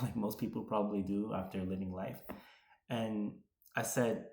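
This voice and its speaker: Casual storytelling from a New York-area vlogger in his 30s: he shares a personal tale loaded with "like" and retold dialogue. His lowish voice is creaky and mellow, with a steady tone at normal speed, heard in a roomy, echoing space.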